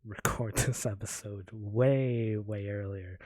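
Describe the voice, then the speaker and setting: A man's voice: on the low side, steady tone, slow, darkish tone, no room sound. A man co-hosting a casual podcast, joking and teasing his friends, often laughing. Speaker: podcast co-host.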